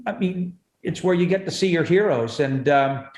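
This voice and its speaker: A man tells comic stories at a rapid clip, painting vivid pictures as he goes. His voice sits a little high. The room around him rings with a noticeable echo. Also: darkish tone. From Canada. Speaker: guest comedian. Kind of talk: animated storytelling chat. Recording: echoey room.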